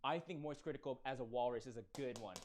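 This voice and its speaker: A man giving playful commentary, musing aloud in an animated way. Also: medium pitch, quick pace, crowd noise. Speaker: video commentator.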